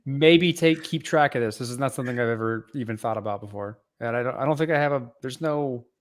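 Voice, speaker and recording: A man's voice: mid-range voice, fast talker. A man co-hosting a casual podcast roundtable, speaking in a teasing, playful way. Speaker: podcast co-host.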